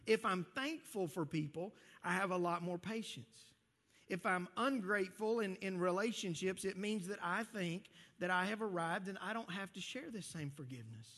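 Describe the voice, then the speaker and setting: A man with a fairly high voice preaches to his congregation as their pastor. He talks in a lively, conversational way, often restarting his sentences. His voice rings out with a long reverb from a big church hall. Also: normal speed. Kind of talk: sermon.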